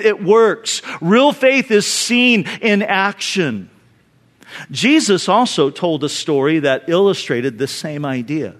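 A man's voice: high voice, a bit bright, big-room sound. A male pastor preaching a conversational sermon, earnest and casual, often repeating words as he goes.

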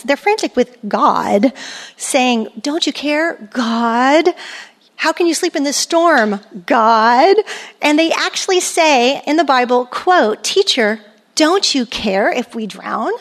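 A middle-aged woman giving a sermon at a women's church gathering, conversational and emphatic, repeating her key phrases. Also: sits high. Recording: long hall reverb.

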